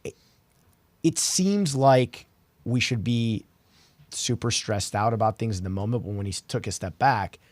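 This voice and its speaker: A man's voice: lowish voice, a little slow, pauses often, dry recording. A man who works as a realtor, talking casually on a podcast and telling anecdotes, with frequent restarts. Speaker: realtor guest.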